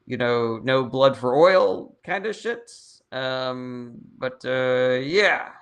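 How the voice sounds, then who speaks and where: Bright-voiced, blunt, profane man. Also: medium pitch, animated, takes it slowly, clear, resonant tone. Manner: blunt, profane, reads viewer comments aloud. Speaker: political livestream host. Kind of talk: casual livestream Q&A.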